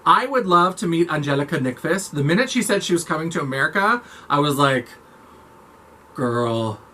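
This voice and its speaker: A man chatting to camera about makeup and creators, animated and campy in manner. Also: fairly high pitch, fast talker, slight background noise. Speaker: makeup vlogger. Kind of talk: casual chat to camera.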